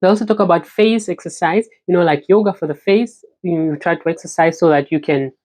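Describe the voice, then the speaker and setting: A young woman from Namibia talks straight to her camera in an easygoing vlog. Her voice sits a little low, and she chats loosely, filling her sentences with "you know.". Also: a little fast, a little mellow. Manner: chatty, many "you know" fillers. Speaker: vlogger. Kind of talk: casual talking-to-camera vlog.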